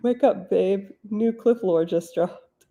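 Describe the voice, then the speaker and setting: Wry woman with a gravelly, mellow voice. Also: mid-range voice, slow pace, muffled recording. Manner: blunt, wry and direct. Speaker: author hosting a writing stream. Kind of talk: casual live-stream chat answering questions.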